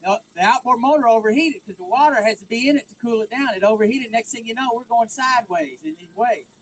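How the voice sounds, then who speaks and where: A man's voice: extremely high pitch, quick pace, slight background noise, low-quality recording. A man from Texas with a Texan accent, giving a folksy, joking storytelling speech on stage at a rally. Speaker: rally speaker.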